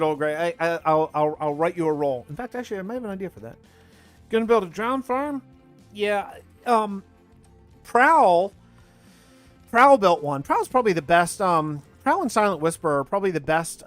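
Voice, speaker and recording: A man's voice: sits high, a bit bright. A man in his thirties chatting casually on a live stream, rambling while he plays and answers chat. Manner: rambling, talks over gameplay and answers chat.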